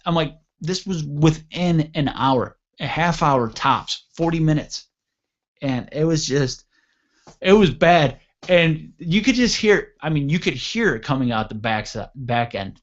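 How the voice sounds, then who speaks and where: A man in his thirties hosting a radio show, telling a crude story in casual chat and acting out the other voices. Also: a little high. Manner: animated, acts out voices, crude humor. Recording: dull lo-fi radio show audio.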